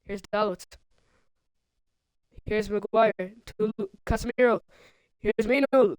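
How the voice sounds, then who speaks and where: A woman streaming play-by-play commentary on a football video game, calling out players and breaking into sudden excited outbursts. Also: fairly high pitch, unhurried, pauses often, clean tone, dry recording, poor audio. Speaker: livestream commentator.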